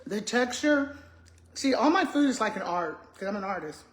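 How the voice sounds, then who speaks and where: A woman's voice: mid-range voice, sing-song, normal speed. An older woman, chatting casually with viewers while eating and talking between bites. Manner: chatty, talks with her mouth full, calls viewers "y'all". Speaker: vlogger, retired school principal. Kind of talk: casual live-stream chat while eating. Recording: echoey room.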